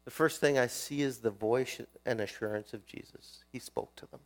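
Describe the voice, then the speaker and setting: A man's voice: medium pitch, moderate pace. A male pastor preaching a sermon in a conversational way, often putting questions to his listeners.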